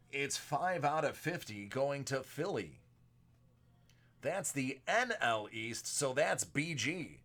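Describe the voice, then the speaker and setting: A man's voice: mid-range voice, slow pace. Man with a sore, strained throat. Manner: rattles off card names, bursts of excitement at big pulls. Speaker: card breaker on a live stream. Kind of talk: live card-break commentary.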